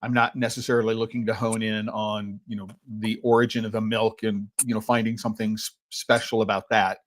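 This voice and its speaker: This podcast host and chocolate educator has a lowish voice with little pitch movement and talks a little fast. His tasting commentary is loose and rambling, often capped with "right?" as he chews chocolate.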